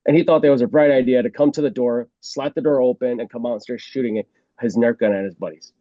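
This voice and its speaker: A man's voice: medium pitch, fairly even intonation, fast, warm tone, no room sound, dull audio. A man who used to be a police officer tells a story in a casual way, acting out the scene and laughing often. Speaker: former police officer guest.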